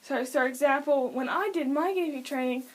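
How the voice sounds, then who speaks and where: Teen girl, high voice, casual rambling how-to, self-correcting, giggly, a bit far from the mic. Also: fairly quick. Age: late teens. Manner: chatty, self-interrupting, giggly asides. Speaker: vlogger explaining pet training.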